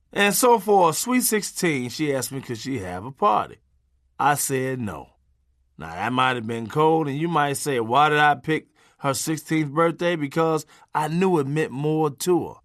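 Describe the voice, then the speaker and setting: Lively, animated storytelling man. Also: on the high side, no echo, clean studio sound. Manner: animated, punchy, folksy, salty language. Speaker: memoir narrator. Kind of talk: conversational storytelling narration.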